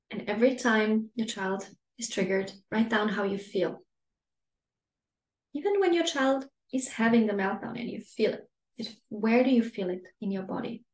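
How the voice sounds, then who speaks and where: A woman parenting coach giving a masterclass talk to parents in a calm, gentle, soothing way. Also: mid-range voice. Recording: roomy echo.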